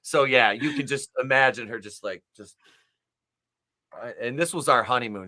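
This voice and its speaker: A man's voice: medium pitch, moderate pace, sharp tone. A man co-hosting a casual podcast from his home media room, a rowdy storyteller who swears and acts out quotes. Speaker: podcast co-host. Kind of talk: casual chat.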